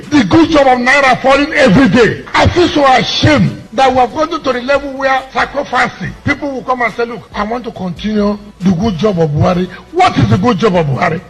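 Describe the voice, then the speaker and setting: A very high-voiced man sarcastically lists failures in an indignant political speech. Faint music plays beneath him. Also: a bit bright, rough recording.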